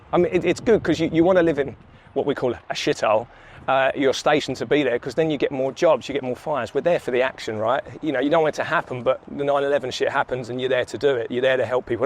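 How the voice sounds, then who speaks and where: Walking down a city street, a vlogger and sales coach chats casually about his story, speaking fast in a medium-pitched voice over slight background noise. His manner is relaxed, full of laughter and free swearing.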